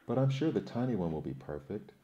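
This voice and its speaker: A man's voice: fairly low pitch, sing-song, fast talker, dark tone, highs cut off. A man playing a chirpy, curious little girl. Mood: picky.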